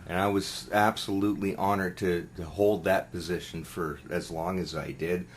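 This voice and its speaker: Middle-aged musician guest, low voice, loose and rambling, faint background hiss. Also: male voice, steady tone, moderate pace. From Canada. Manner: rambling, many fillers and restarts. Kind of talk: casual interview chat.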